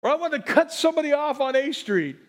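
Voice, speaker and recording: High-voiced older man preaching, playful. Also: quick pace. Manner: excitable, joking with the congregation. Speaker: pastor. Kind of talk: sermon.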